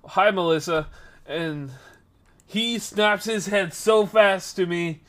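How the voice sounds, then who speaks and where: A man in his twenties speaks slowly in a high-pitched voice. He's on a podcast stream, spinning a loose, rambling story with animated delivery and frequent fillers.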